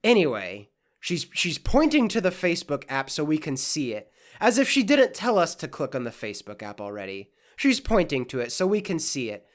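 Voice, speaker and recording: A podcast host giving sarcastic, profane reaction commentary in deadpan asides. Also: medium pitch, moderate pace.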